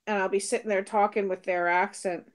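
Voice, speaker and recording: A woman's voice: mid-range voice, flat delivery, a little fast. A middle-aged British-born woman without the accent, co-hosting a casual live stream, chatting and laughing as she answers viewer comments. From Britain. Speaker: co-host reading viewer comments.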